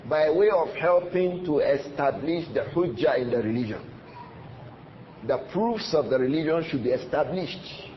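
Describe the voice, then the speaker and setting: Guy teaching a religious text, reads arabic fast then explains it, kinda muffled audio w faint hiss. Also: on the high side. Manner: reads Arabic passages quickly, then explains them in repetitive, emphatic English. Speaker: Islamic teacher. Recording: roomy, slightly dull recording with faint noise.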